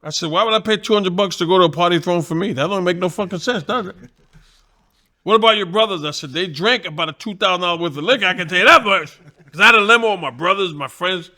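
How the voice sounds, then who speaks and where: High, bright-voiced New York man. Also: fast. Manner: profane, animated, laughing. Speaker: guest, boxing trainer. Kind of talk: casual storytelling.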